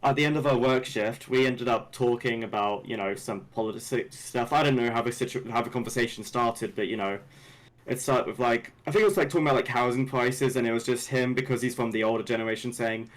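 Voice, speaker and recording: A man's voice: mid-range voice, rough recording. A man, co-hosting a podcast and telling a rambling story with lots of restarts. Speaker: podcast co-host. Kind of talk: casual storytelling.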